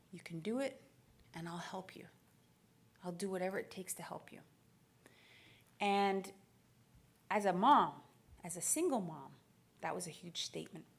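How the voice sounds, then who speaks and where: A woman in her thirties from Canada speaks from a conference stage in a middle-pitched voice. She tells her story with lively energy, laughing often and acting out the dialogue. Her delivery is a keynote address told like a personal anecdote. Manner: animated, laughing, acts out dialogue. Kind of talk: storytelling speech.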